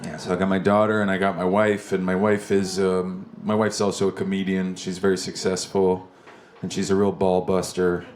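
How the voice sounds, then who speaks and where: Male stand-up, lowish voice, loose rambling crowd-work delivery, live club recording with noise behind. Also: flat delivery, normal speed, darkish tone. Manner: rambling, self-deprecating, chatting with the crowd. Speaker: stand-up comedian. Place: comedy club basement stage. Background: audience laughter.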